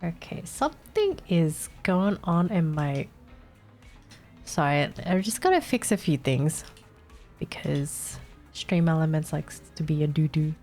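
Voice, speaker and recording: A woman's voice: sits low, sing-song, measured pace, mellow, soft background music. A young woman streaming live, chatting casually and swearing as she fixes her setup, sounding a little congested.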